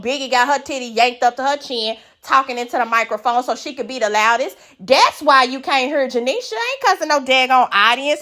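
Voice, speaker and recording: A woman giving a casual, blunt recap of a reality show, swearing freely and acting out the cast's lines. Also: high voice. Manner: animated, blunt, swears, acts out quotes in a raised voice.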